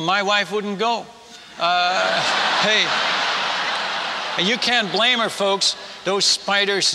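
A man spins a folksy, animated missionary yarn for a church crowd. His voice is bright and piercing, pitched slightly high, and it rings out with the long echo of a large hall. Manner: folksy, animated storyteller, chuckles at his own tales. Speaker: missionary speaker. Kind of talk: humorous story told to a congregation.

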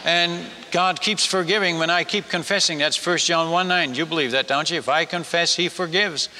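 A man's voice: fairly high pitch, moderate pace, slight background noise. An older man, a missionary preacher, telling a story in a sermon and acting out the people he quotes. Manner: animated, acts out quoted villagers. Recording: reverberant hall.

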